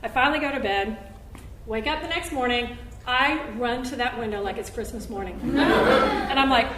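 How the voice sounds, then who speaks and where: A woman telling a story on stage at a live show, acting out what people said with big jumps in pitch and loudness. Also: a little fast, background noise. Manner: animated, acts out quotes with big jumps in pitch and volume. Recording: roomy live venue, recorded from a distance.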